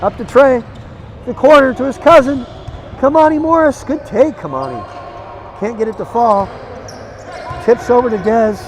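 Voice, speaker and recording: A man calling basketball play-by-play in quick, clipped calls that climb with the action. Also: very high voice, animated, slight background noise. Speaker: play-by-play commentator.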